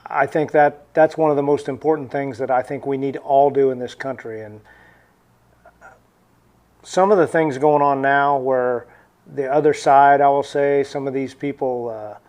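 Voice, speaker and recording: A man's voice: medium pitch, steady tone, moderate pace, a little mellow. A man with a Midwestern American accent, a farmer guesting on a talk show, speaking earnestly and emphatically. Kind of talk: casual political chat.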